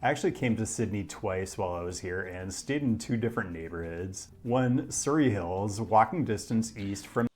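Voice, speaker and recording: A man from the Pacific Northwest with an American accent, giving scripted narration with dry, deadpan humor. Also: low-pitched, fairly quick, few pauses. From Pacific Northwest, United States. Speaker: video essayist.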